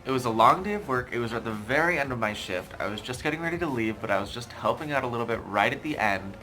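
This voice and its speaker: A young man vlogging a casual story in an animated, exasperated, self-mocking way. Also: medium pitch, quick pace, faint music behind. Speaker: YouTuber.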